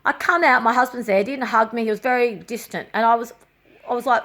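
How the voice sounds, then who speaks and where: A woman's voice: on the high side, fast talker, fairly bright tone. A middle-aged woman recounting a painful personal experience, agitated and raw, swearing often and repeating herself. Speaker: vlogger. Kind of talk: emotional personal story.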